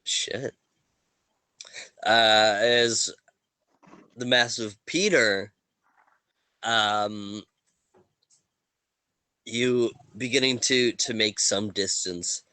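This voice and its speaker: Low-voiced male game master, slow. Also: steady tone, pushed and bright, smooth, dry recording. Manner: halting, many fillers and restarts. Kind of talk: narrating a tabletop game.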